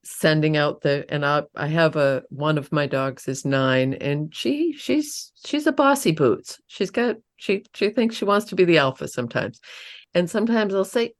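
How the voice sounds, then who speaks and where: A woman's voice: low-pitched, normal speed. A woman host asking a guest questions in a rambling, searching way. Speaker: podcast host. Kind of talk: conversational interview.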